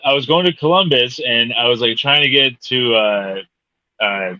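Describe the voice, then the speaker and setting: A man's voice: mid-range voice, normal speed, pushed and bright, no room sound, lo-fi sound. A man from Michigan in casual podcast chat, teasing and laughing often.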